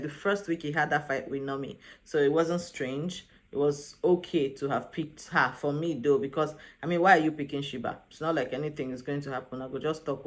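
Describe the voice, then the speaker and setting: A woman's voice: fairly low pitch, a bit bright. Young woman, recap vlogger, exasperated and sassy, mimics the people she quotes. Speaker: reality show recap vlogger. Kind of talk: casual opinionated recap commentary.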